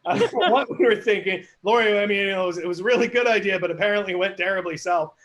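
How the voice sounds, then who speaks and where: Upbeat male host narrating improv scenes, higher voice, casual and playful. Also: fast talker, fairly bright tone, dull audio. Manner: chatty, laughing, asks the audience for suggestions. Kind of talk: live online improv narration.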